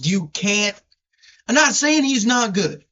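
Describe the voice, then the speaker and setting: A man with a deep Southern accent, co-hosting a casual sports podcast, brash and teasing, stretching words for emphasis. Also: animated, slow, sharp tone. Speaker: podcast co-host. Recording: dull lo-fi sound.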